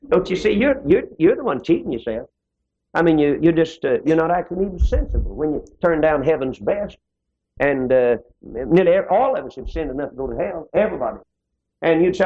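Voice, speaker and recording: Gravelly preacher, old lo-fi tape. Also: male voice, animated, quick pace. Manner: folksy preaching with sudden pitch swings. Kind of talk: sermon. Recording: dull lo-fi old sermon tape.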